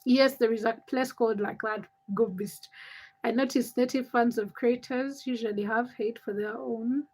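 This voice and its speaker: A woman's voice: a little high, steady tone, normal speed, a little mellow, rough recording. A woman from Uganda hosting a casual livestream, reading viewer messages aloud and answering them with chatty, teasing comebacks. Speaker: livestream host. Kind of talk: casual live-chat stream, reading and answering viewer comments.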